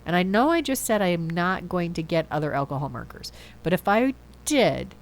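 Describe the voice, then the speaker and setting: A woman's voice: lowish voice, very animated, moderate pace. A woman with a stuffy nose from a cold, chatting casually through a card-making voice-over and often correcting herself. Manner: chatty, self-correcting, thinks aloud. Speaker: card-making video host.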